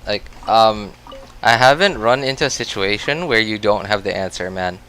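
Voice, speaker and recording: A man's voice: fairly low pitch, moderate pace, a bit bright, slight background noise. Chatty Filipino man streaming a game. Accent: American. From Philippines. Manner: chatty, reacts aloud and answers chat. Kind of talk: gameplay livestream commentary.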